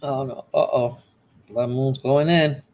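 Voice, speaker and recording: A woman's voice: extremely low pitch, steady tone, takes it slowly, a little mellow, rough recording. A woman hosting a casual livestream, chatting to viewers in chat by name in a drowsy, rambling way. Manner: drowsy, rambling with fillers and restarts. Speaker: livestream host.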